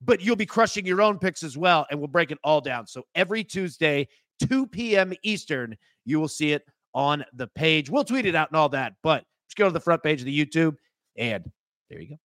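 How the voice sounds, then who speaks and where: A man's voice: lively intonation, a little fast, a bit bright, no echo, studio quality. A man co-hosting a sports betting show, talking casually and conversationally as he lays out picks and promotions. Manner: laid-back, conversational, pitchman. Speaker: co-host and betting analyst.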